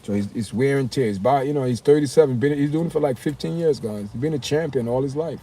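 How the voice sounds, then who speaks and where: Man livestreaming outdoors, mellow voice. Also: medium pitch, quick pace. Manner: animated, talks straight to his viewers. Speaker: livestream host. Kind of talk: casual livestream chat. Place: outdoors on a windy city street. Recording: faint outdoor street noise.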